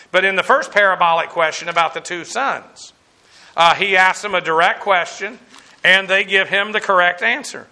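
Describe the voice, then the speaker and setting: A man's voice: fairly high pitch, bright, forceful tone. A man teaching verse by verse through a Bible passage, working through numbered points in a discursive, emphatic way, with frequent fillers and restarts.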